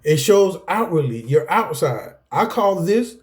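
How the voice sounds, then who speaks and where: A man teaches to the camera, and his voice sits high and swoops up and down. He talks in a preaching rhythm, calls the viewers y'all, and keeps dissolving into laughter and restarting his sentences. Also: very animated, unhurried. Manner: laughs often, breaks off mid-sentence, repeats himself. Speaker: self-help video teacher. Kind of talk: preachy talk to camera about anger.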